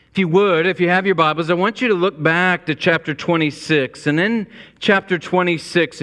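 A man's voice: on the high side, fairly bright tone. A man preaching a sermon to his congregation, earnest and storytelling, with a long church reverb. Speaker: pastor. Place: church sanctuary.

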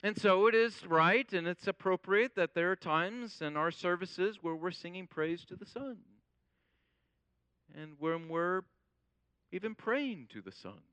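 A man preaching a sermon as pastor, in a measured way and quoting scripture. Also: sits high, bright, forceful tone, clear, resonant tone, no room sound.

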